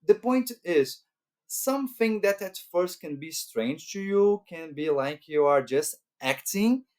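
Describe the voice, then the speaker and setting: A man's voice: high-pitched, lively intonation, darkish tone. A man from Brazil, a native Portuguese speaker with a Brazilian Portuguese accent, giving casual advice as a language vlogger and often checking in with "right?". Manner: unhurried, tags points with "right?".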